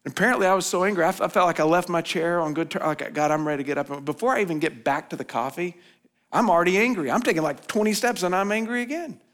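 A man preaching a sermon as pastor, telling a personal story in a conversational way, rising to emphatic points and dropping soft and low for reflection. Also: quick pace. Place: church hall.

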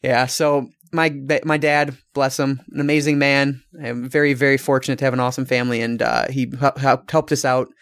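A man from Michigan co-hosts a podcast, telling a long, rambling story casually, swearing freely and restarting his sentences. His medium-pitched voice is smooth and fairly bright, moving quickly with little pitch change and few pauses.

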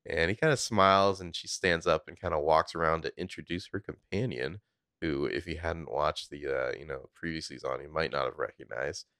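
A man's voice: a bass voice, sharp tone, dry recording, studio quality. A man co-hosting a podcast, casually recapping a TV episode scene by scene and swearing now and then. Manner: laid-back, recounting scenes with quick quoted lines and swearing. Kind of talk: casual chat.

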